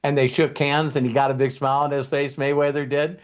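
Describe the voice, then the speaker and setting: A man's voice: medium pitch, flat delivery, a little fast, clear, resonant tone. A middle-aged man hosting a podcast, telling a long story in casual, profane chat. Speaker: podcast host.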